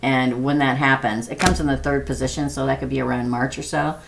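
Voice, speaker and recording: A middle-aged woman reads tarot cards on a live stream in a low, gravelly voice. She chats freely and laughs often as she talks to her viewers by name. Faint noise sits under the recording. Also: fairly even intonation, brisk. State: prone to losing her voice. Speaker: tarot reader.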